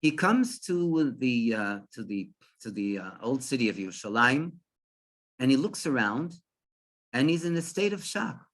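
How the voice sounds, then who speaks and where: Animated rabbi telling a story. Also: male voice, mid-range voice, measured pace. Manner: animated, with frequent restarts and fillers.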